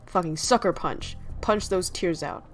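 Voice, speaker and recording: A woman streaming as a VTuber, her voice soft, soothing and a little low. She talks slowly and thoughtfully, reading chat messages aloud and slipping into jokes, with faint lo-fi music playing behind her. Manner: slow, reflective, reads chat aloud and jokes. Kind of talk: casual livestream chat.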